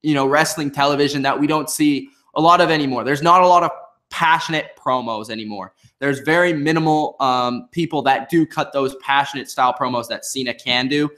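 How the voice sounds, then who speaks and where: A man's voice: medium pitch, fairly quick, bright, forceful tone. A man reviewing a wrestling episode in casual, opinionated commentary, full of ums and restarts. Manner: chatty, opinionated, many fillers and restarts.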